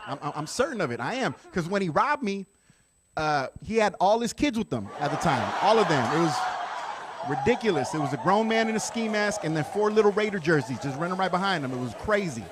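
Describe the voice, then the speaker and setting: A man doing a conversational stand-up routine with deadpan asides to the audience. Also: high-pitched, fairly quick, background noise. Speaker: stand-up comedian.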